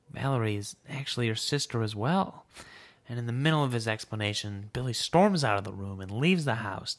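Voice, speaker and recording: A man hosting a podcast, telling a rambling comic story in a deadpan way. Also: medium pitch. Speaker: podcast host.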